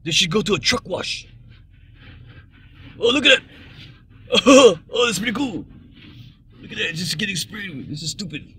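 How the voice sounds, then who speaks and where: A man's voice: high-pitched, expressive, moderate pace, pauses often, sharp tone, a little hiss or hum, voice pushed up. A man voicing a whiny, childlike male turtle uncle who frets and jokes, recorded inside a car. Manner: whiny, fretful, jokey.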